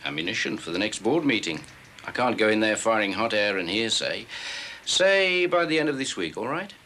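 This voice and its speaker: An actor playing a careful, placating manager with a measured, diplomatic manner. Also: male voice, on the low side, sing-song, sharp tone. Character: careful, placating middle-aged male manager. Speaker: transport manager. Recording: TV drama with faint background noise.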